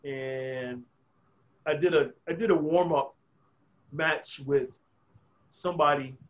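A man tells stories as a podcast guest, swearing freely and often restarting his sentences. His voice sits a little high for a man. The recording sounds dull and lo-fi. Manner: profane, rambling with frequent restarts. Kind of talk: casual storytelling.

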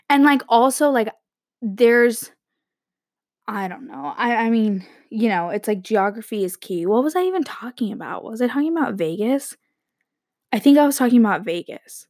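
A woman's voice: mid-range voice, darkish tone, no echo. Young woman, early twenties, casual vlogger with a chatty, rambling delivery and a dry sound. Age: young adult. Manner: rambling, chatty, heavy use of "like", frequent laughs and self-interruptions. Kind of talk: casual monologue to camera.

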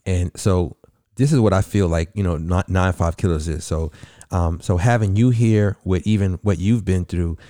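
Deep-voiced, warm man hosting a podcast. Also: moderate pace, dry recording, clean studio sound. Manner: encouraging, wordy questions. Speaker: podcast host. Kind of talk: interview questions.

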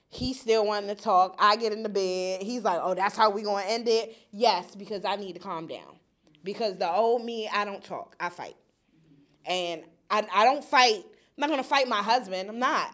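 Young woman in a support-group circle, emphatic and lively personal storytelling. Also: mid-range voice. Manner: animated, emphatic, laughs often. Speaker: group participant sharing a story.

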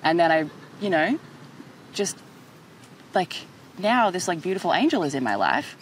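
Casting: lively woman host, emphatic and sweary, slight background noise. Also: sits low. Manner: animated, emphatic, swears casually. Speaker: podcast host. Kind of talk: casual chat.

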